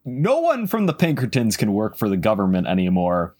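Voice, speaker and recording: A man hosting a podcast, telling a history story in casual chat, animated with sarcastic asides. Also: on the low side, brisk.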